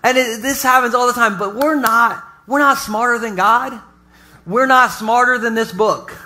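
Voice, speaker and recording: A pastor preaching a humorous sermon to a live congregation, telling jokey stories and throwing asides to the audience. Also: male voice, very high voice, normal speed, bright, forceful tone. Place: church service before a live congregation.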